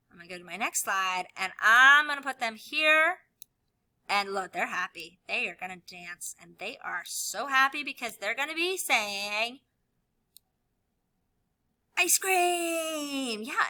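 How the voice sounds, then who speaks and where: Animated, bright-voiced woman teacher. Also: fairly high pitch. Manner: animated, sing-song teacher voice, drops into soft whispers. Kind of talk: screen-recorded classroom tutorial.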